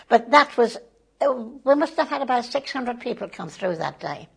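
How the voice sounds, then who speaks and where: Older woman, creaky and husky. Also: on the high side, lively intonation, normal speed. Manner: chatty, with fillers and tag phrases like "it is". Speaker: community volunteer and board member. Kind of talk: interview, casual recollection.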